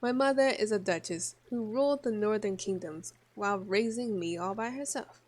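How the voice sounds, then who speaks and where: A woman voicing a languid noble countess while reading a visual novel aloud in voices, with a slow, drawn-out, mock-regal delivery. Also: mid-range voice, a little mellow, natural voice. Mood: wistful.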